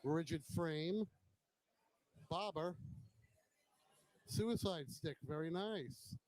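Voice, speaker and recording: Male host, slightly high voice, casual admiring walkaround banter. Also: extremely slow, a little mellow, dry recording, poor audio. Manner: chatty, admiring, joking.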